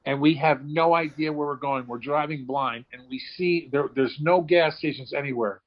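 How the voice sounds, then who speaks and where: A man telling comic road stories in casual chat, acting out voices with loud outbursts. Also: on the high side, normal speed. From Boston area. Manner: animated storyteller, acts out voices with loud outbursts. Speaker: comedian guest. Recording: dull lo-fi sound.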